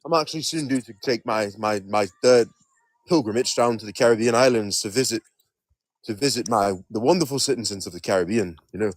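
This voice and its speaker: A man's voice: medium pitch, brisk, no room sound, close to an everyday voice. A man doing a pompous British king who claims to own the Caribbean, speaking in a stiff, formal, mock-regal way. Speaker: podcast co-host.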